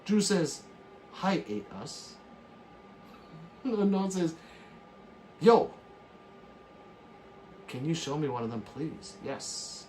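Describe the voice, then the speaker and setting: Man hosting a late-night stream, reads chat aloud, lively swooping pitch, fairly high voice, faint hiss behind. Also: drawn-out words, long pauses. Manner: reads chat messages aloud and jokes back; animated, bursts into laughs and shouts. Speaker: livestream host reading chat.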